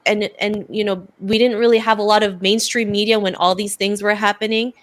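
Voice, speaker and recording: A woman's voice: mid-range voice, steady tone, fairly quick. Woman on a podcast as the guest, earnest and chatty, lots of "like" and "you know", voice right in the middle. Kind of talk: casual interview conversation.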